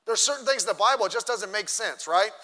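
A man preaching a sermon as pastor, emphatic, swinging between loud and soft. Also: sits high, expressive, fast. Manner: emphatic preaching, rising and dropping in loudness. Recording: long hall reverb.

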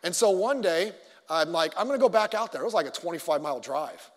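A man's voice: fairly high pitch, lively intonation, fast. A middle-aged man preaching a sermon, telling stories animatedly with stammered restarts and acted-out voices. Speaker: pastor. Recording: long hall reverb.

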